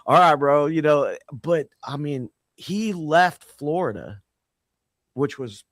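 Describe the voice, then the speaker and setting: A man's voice: a little high, lively intonation, slow pace, no room sound, studio quality. A man co-hosting a podcast, telling a rambling story with loose restarts and casual swearing. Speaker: podcast co-host.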